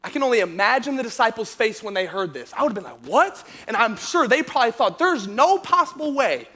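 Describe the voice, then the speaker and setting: A man preaching to a youth group, telling a story in slangy, animated speech and turning quieter and earnest when he teaches. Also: high voice, fast. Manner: slangy and animated, calls the crowd bro and dude. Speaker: youth pastor. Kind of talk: youth sermon with a comic opening story. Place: church youth service venue.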